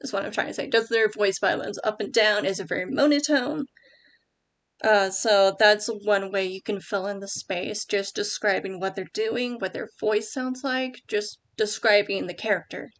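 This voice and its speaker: A woman's voice: medium pitch, steady tone, normal speed. A young woman at home giving casual writing tips over a screen share, rambling with many ums and likes and correcting herself as she goes.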